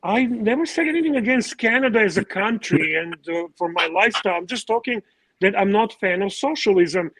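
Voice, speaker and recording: A man's voice: sits high, expressive, brisk, a bit bright, dry recording, low-quality recording. A man arguing combatively as a guest on a live video call debate. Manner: combative, insistent. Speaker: panel guest. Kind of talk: heated casual debate.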